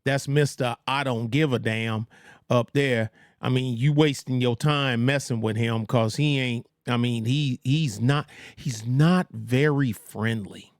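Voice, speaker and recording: Slow-talking, blunt man streaming. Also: medium pitch, no room sound, studio quality. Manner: rambling, blunt, trash-talking asides; mocks others in put-on voices. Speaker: livestream host. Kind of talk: casual livestream commentary.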